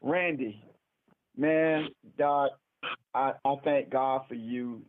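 A man's voice: mid-range voice, slow pace. A man hosting a call-in broadcast, encouraging his guests and repeating himself. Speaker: host. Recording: tinny phone line, dry.

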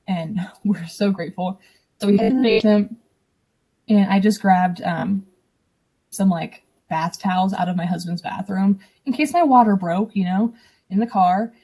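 A young woman, a podcast guest, casually recounting a personal story in an animated way, acting out what others said. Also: mid-range voice, normal speed, slightly rough. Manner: animated, acts out quoted dialogue.

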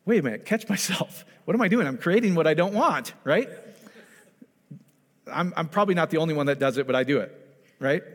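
A male pastor giving a conversational sermon, lively and animated, who keeps checking in with his congregation. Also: fairly high pitch, fairly quick, long reverb tail.

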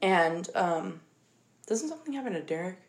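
A woman's voice: on the low side, very animated, moderate pace, roomy sound. A young woman in casual chat, retelling a story animatedly with lots of fillers.

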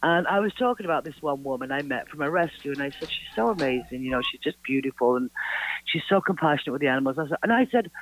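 A man who is an artist chats casually in an interview, his voice on the high side and his pace fast. The audio is poor but has no echo, and he tells stories animatedly, acting out the conversations he quotes.

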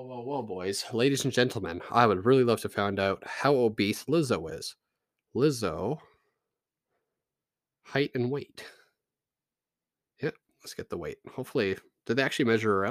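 A man's voice: mid-range voice, animated, normal speed, long pauses, no echo, clean studio sound. A man from Canada delivering a casual, profane, sarcastic rant to his audience. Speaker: vlogger.

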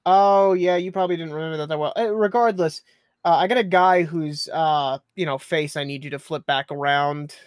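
A player stammering through apologies and plans at the game table, tripping over his words again and again. The voice sits at a middle pitch, recorded close and dry with no room sound. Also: normal speed, clean tone, dry recording. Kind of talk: tabletop role-play.

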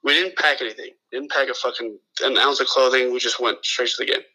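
On a talk-radio-style show, a male guest from around Los Angeles rambles through a lengthy story, cursing often, starting sentences over and voicing the other characters himself. His mid-range voice is very bright and sharp, with a steady tone and a quick pace. The recording quality is low.

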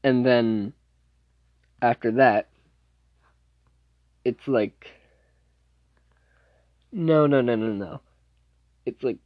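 A man's voice: mid-range voice, extremely slow, long pauses, no room sound, lo-fi sound. A man casually recapping a TV series plot in a loose, rambling way, full of fillers and self-corrections. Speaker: TV series reviewer.

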